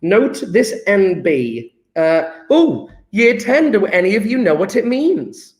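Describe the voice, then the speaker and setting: Young man, high voice, chemistry teacher, chatty, jokey asides to the class. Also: slow pace. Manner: chatty, self-mocking, excitable asides. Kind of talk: live online class lesson.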